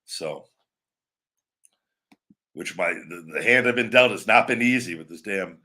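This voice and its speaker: A man's voice: deep voice, measured pace, sharp tone. A man hosting a live show, talking casually in a rambling way with many restarts and asides to viewers. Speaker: show host. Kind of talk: casual live-stream chat.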